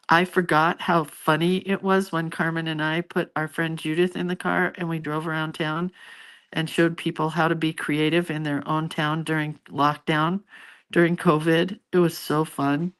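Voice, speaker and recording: A woman's voice: low voice, little pitch movement, a little slow. A middle-aged woman hosting a casual live stream, chatting with her viewers and reading out their comments in a rambling, familiar way.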